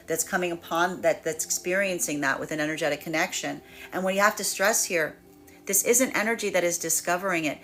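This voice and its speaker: A woman delivers a daily tarot energy reading in a loose, spontaneous monologue. She often breaks into quoted inner voices, stammers through repeated words and laughs. Her voice sits at an ordinary mid pitch. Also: fairly bright tone. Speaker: tarot reader.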